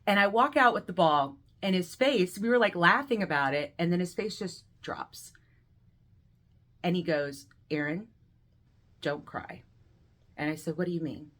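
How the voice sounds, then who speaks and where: A woman of around forty on a video call, telling a deeply personal story and acting out the voices in it, moving between laughter and quiet grief. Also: expressive, normal speed. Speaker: guest speaker sharing a personal story.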